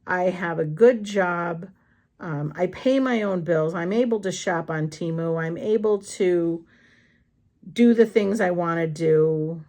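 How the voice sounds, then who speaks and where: A woman's voice: on the low side, slow pace, darkish tone. A woman vlogger telling candid, blunt stories in a casual chat while she does crafts.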